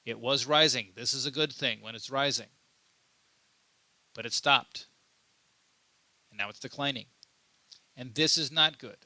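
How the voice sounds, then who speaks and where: A man delivering an unscripted commentary monologue, pressing his points with emphasis and stumbling over repeated words as he goes. His voice is strongly bright and forward, and the recording is very dry and close. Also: medium pitch, measured pace, long pauses, dry recording. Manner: repeats himself and restarts often, emphatic. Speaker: political commentary host.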